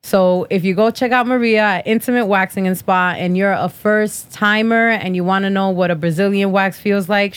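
Blunt, profane woman podcast host. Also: mid-range voice. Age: 30s. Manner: blunt, profane, sassy trash talk. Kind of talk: casual podcast chat with sponsor reads.

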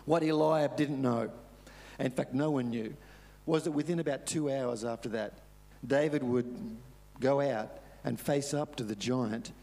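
A man's voice: mid-range voice, creaky, darkish tone. Earnest Australian preacher, man. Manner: storytelling, earnest, emphatic repetition. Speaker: pastor. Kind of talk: sermon.

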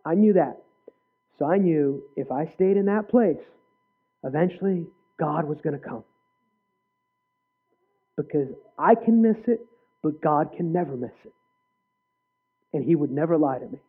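A male preacher giving an earnest personal testimony in a sermon, with sudden loud bursts. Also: on the high side, lively intonation, a little slow, pauses often, husky. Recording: tinny phone-like sound.

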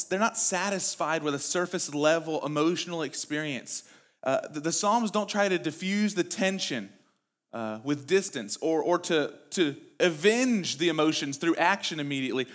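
A man's voice: a little high, fairly bright tone. A young adult man preaching a sermon in a church, talking conversationally and asking the congregation rhetorical questions. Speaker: pastor.

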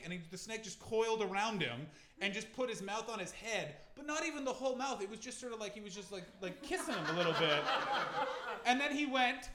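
Brief: Canadian man, stand-up comic, high voice, sweary rants, roomy echoey club. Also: brisk. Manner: animated, sweary, shouting bursts. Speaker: stand-up comedian. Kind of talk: stand-up comedy set. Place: pop-up venue in London. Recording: echoey live venue, audience noise.

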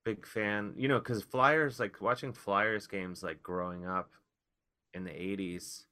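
A man, a comedian guest, telling rambling, wry stories in casual podcast chat with animated outbursts. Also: on the low side, measured pace, clean tone.

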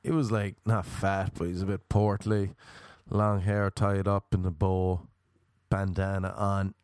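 A young man with a Cork accent rambles through a sardonic comic story, swearing freely and slipping into other people's voices. His voice sits on the low side. The sound is dry and close, with no room around it. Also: level tone, measured pace, darkish tone, smooth, dry recording. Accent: Irish, Cork. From Ireland. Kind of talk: stand-up storytelling.

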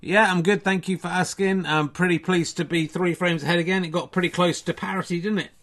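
Man doing smug self-satisfied alter ego, breezy snooker player, slightly high voice. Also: fairly even intonation, a little fast, a bit bright.

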